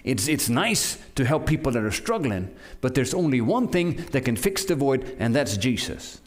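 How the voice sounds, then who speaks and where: A man from Norway preaching a sermon, urging his listeners with animated delivery and frequent restarts. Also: mid-range voice, normal speed.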